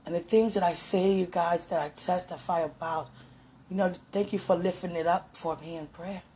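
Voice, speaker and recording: A woman giving a fervent, emotional prayer and encouragement talk in a gravelly, sometimes hoarse voice, recorded at home. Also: lowish voice, steady tone, moderate pace, warm tone, a little hiss or hum. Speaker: spiritual vlogger.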